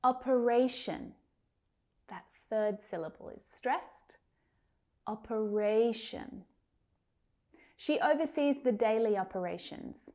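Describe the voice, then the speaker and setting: A woman teaching English pronunciation, carefully repeating each word slowly. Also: fairly high pitch, lively intonation, darkish tone. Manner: careful, drawn-out repetition of words. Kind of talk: slow pronunciation lesson.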